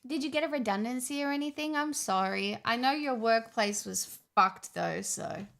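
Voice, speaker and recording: Woman streamer, high voice, loose rambling chat with chat, casual swearing. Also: moderate pace, vocal fry, a bit bright. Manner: rambling, many restarts and fillers, swears freely.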